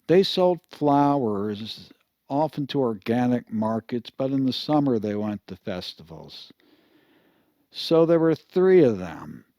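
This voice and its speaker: A man's voice: medium pitch, dark tone, dry recording. Older man telling a rambling story. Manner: rambling, casual, chuckling asides. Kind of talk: humorous storytelling.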